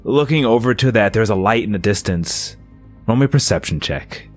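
Low-voiced man narrating a dark scene. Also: animated, faint music behind. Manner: slow, atmospheric, with restarts. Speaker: game master. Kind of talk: narrating a tabletop game.

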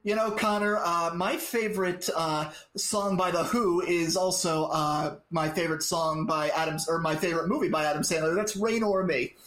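A young man with a high voice co-hosting a comedy podcast, delivering jokes dry and mock-earnest. He sounds like he's in an echoey room. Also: fairly even intonation, normal speed, few pauses, a bit bright. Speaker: podcast co-host. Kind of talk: casual comedic chat.

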